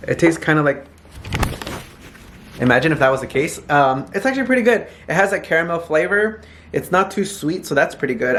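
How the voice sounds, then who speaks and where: A young man from California chatting casually to his phone camera in a hotel, animated and laughing often. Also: a little high, slight background noise. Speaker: vlogger. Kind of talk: casual vlog chat to camera.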